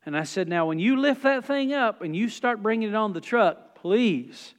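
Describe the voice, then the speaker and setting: A high-voiced man in his forties preaches with folksy storytelling. He swings between soft, low asides and loud, rising peaks. His voice rings with the long reverb of a church hall. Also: lively intonation, normal speed, hardly any pauses. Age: 40s. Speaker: pastor. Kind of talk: sermon with storytelling.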